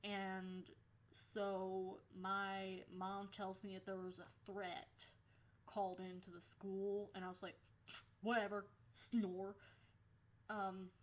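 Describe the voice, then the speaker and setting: Young woman, vlogger, mid-pitched, animated and foul-mouthed in a casual storytime. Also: measured pace. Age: young adult. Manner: animated, swears freely, acts out quoted lines.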